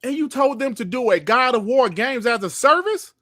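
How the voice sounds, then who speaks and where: A man hosting a gaming podcast livestream, ranting in a heated, profane and animated way. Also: extremely high pitch, normal speed, no echo, clean studio sound. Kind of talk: livestream commentary rant.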